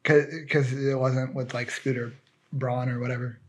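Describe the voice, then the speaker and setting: A man's voice: mid-range voice, level tone, normal speed, breathy edge. A man co-hosting a podcast in casual chat, joking and rambling with lots of fillers. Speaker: podcast co-host.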